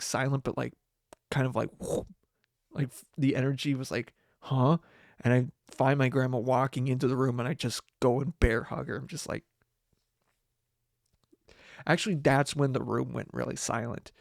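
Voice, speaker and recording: A young man hosting a podcast, telling a personal story in a halting way, with many restarts and laughs through the sad parts. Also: medium pitch, gravelly, no room sound, clean studio sound. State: tearful. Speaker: podcast host. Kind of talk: casual storytelling monologue.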